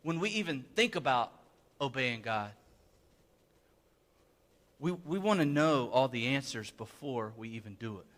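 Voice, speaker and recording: A man's voice: mid-range voice, expressive, a little slow, pauses often, fairly bright tone. A man pastor delivering a sermon in a church, talking earnestly and conversationally, often repeating words for emphasis. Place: church sanctuary. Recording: reverberant church hall.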